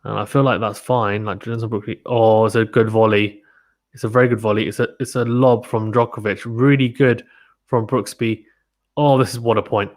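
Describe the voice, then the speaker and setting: A man calls a tennis match live, in a fairly low voice. He talks casually and bursts into excited exclamations when a rally turns wild. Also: normal speed, dry recording, clean studio sound. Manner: excitable, exclaims and gasps at big points. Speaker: tennis commentator. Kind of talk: live play-by-play watchalong commentary.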